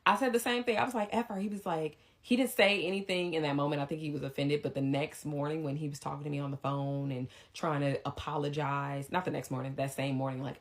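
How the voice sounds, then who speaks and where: A young woman casually retelling a personal story, rambling and animated, with frequent ums. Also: low voice. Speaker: storyteller vlogger.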